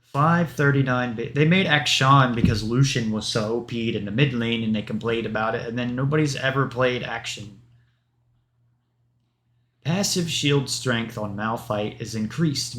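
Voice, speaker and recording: A man's voice: medium pitch, fairly bright tone. Rambling male streamer reading patch notes. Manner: rambling, rattles off number lists with offhand asides.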